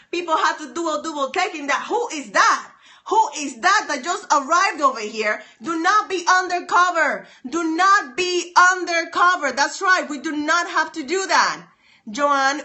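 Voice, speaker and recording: A woman's voice: high voice, bright, forceful tone. A woman hosting a live phone stream, giving an emphatic, preachy motivational talk, repeating her lines and answering viewer comments.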